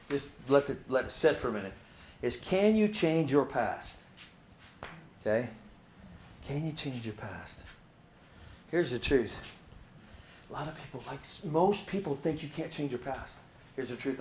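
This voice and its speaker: A man's voice: medium pitch, echoey room, a little hiss or hum. A man giving a casual motivational talk, telling stories and acting out the voices of the people in them, with frequent "right?" asides. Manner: animated storyteller, acts out quoted voices, many "right?" asides. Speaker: motivational speaker.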